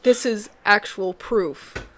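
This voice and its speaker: A woman's voice: mid-range voice, slow pace, a bit bright. Young woman, podcast host in a small booth, rambling casual delivery, frequent laughs, faint background hiss. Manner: rambling, self-interrupting, laughs often. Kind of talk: casual solo podcast chat.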